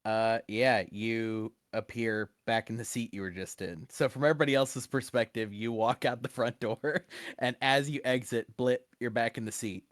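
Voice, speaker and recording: A man's voice: mid-range voice, steady tone, normal speed, dry recording, studio quality. A man narrating a tabletop role-playing game as game master, loose and casual, often laughing.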